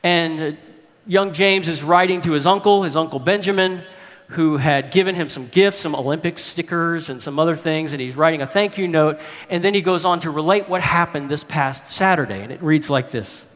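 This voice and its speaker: A male preacher giving a sermon, emphatic and jumping up in pitch to stress key words. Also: normal speed, a bit bright. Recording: long hall reverb.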